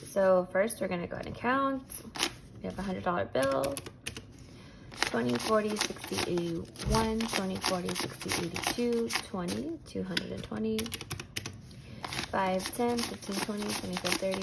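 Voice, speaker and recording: A woman vlogging about her budget at home, explaining step by step in a casual way and counting cash aloud in a steady rhythm. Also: mid-range voice, moderate pace, gravelly, heavy background noise. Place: at home, kids awake nearby.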